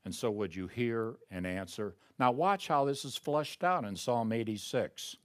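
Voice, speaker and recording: A man's voice: medium pitch, lively intonation, unhurried. Man preaching a sermon, pulpit voice. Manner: swings between raised emphatic reading and hushed prayerful murmur. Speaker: pastor.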